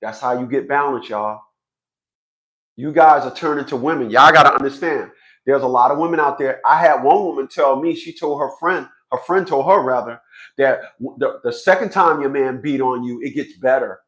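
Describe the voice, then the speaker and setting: A man's voice: medium pitch, normal speed, fairly bright tone. A man in his fifties giving a blunt, profane vlog monologue, stammering through repeated restarts. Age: 50s. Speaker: fathers' rights commentator.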